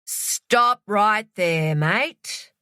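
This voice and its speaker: Calm, controlled young man with a deep, slow voice, read by a woman narrator. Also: smooth, no room sound, studio quality, full character voice.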